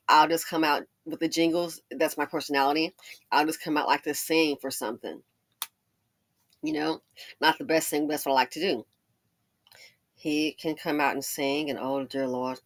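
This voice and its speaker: A middle-aged woman hosting commentary, sassy and folksy, telling stories with lots of laughter. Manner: animated, acts out quotes in a high excited voice, laughs often. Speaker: commentary channel host. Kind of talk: casual commentary and storytelling.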